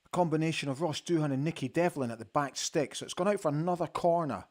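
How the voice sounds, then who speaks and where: Excitable Scottish man calling a match live. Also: on the high side, fast talker. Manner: excitable, reacts loudly to play, chatty asides. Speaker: host of a live football watch-along. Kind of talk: live match commentary with viewer comments. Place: studio.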